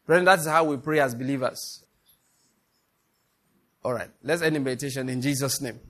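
A man preaching a sermon, leading the congregation through slow, repeated scripture declarations. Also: mid-range voice, a bit bright. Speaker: pastor. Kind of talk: sermon with guided scripture meditation.

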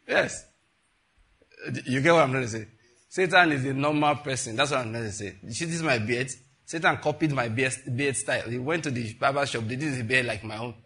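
A man's voice: medium pitch, moderate pace, bright, forceful tone. A man preaching a sermon in a conversational way, with rhetorical questions and laughing asides. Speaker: pastor.

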